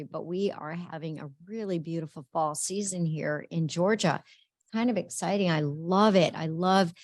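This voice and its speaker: Chatty woman with a low voice. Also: no echo. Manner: chatty and playful, teasing her colleague. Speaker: webinar co-host. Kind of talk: casual chat opening a webinar. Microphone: video call.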